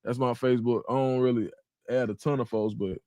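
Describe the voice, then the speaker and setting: A young man, hosting a casual livestream and reading viewers' comments aloud in an animated way. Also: medium pitch, brisk, dry recording. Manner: animated, talks to the chat, reads comments aloud. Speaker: livestream host.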